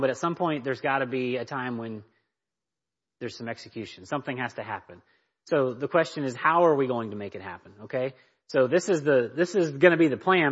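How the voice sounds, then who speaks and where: This church parenting teacher has a medium-pitched, slightly bright voice. Emphatic throughout, he often checks that listeners are following with "right?" or "okay?", all captured on a dull, lo-fi recording.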